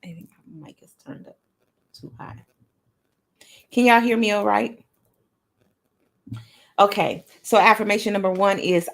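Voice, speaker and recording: A woman's voice: medium pitch, moderate pace, vocal fry, pauses often. A woman hosting a motivational affirmation session, speaking emphatically and repeating each affirmation aloud, with playful sing-song bursts. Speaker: motivational talk show host.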